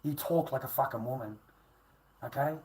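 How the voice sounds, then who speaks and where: A man's voice: medium pitch, moderate pace, a little mellow, rough recording. A middle-aged man ranting crudely on a livestream, swearing constantly and taunting viewers. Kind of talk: profane livestream rant.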